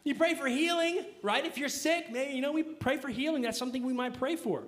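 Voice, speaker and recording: A man's voice: very high voice, brisk, a bit bright, a little hiss or hum. A young man preaching a casual, conversational sermon, full of fillers and rhetorical questions to his listeners. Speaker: pastor.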